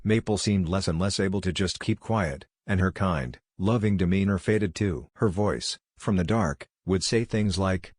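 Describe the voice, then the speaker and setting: Deep-voiced male horror narrator. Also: moderate pace, few pauses, darkish tone, no room sound, studio quality. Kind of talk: scripted narration.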